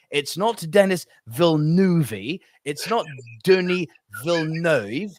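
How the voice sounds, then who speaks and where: A man's voice: on the high side, very animated, moderate pace, few pauses, no echo, clean studio sound. A man in his thirties co-hosting a podcast, talking about films in an emphatic, swearing, ranting way. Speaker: podcast co-host. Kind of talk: casual film discussion.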